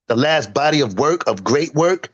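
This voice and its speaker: A man's voice: on the high side, animated, normal speed, fairly bright tone, dull audio. A man in his fifties, a singer and producer giving an interview, talking emphatically and boastfully and acting out what friends told him. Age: 50s. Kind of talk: animated casual interview talk.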